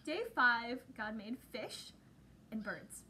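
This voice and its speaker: A woman co-teaching a children's Bible lesson, prompting with questions and leading a gentle prayer. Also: fairly high pitch, takes it slowly, a little hiss or hum. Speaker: Sunday school teacher.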